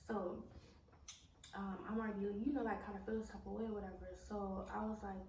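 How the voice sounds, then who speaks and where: A woman's voice: mid-range voice, flat delivery, quick pace, darkish tone. A young woman telling a personal story in a casual vlog, blunt and full of swearing, with many "like" and "um" fillers. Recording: roomy echo, mic at a distance, faint background noise.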